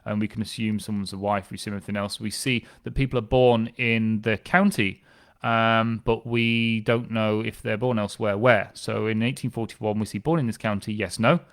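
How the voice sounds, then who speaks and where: Male records specialist, lowish voice, chatty, enthusiastic explainer. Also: steady tone, moderate pace. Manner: conversational, with fillers and restarts, enthusiastic. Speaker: family history specialist. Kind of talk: explanatory talk on genealogy records.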